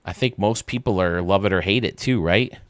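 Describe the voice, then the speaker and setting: A man's voice: sits low, brisk, dry recording. A man hosting a live stream, chatting casually and ranting bluntly, often restarting his sentences.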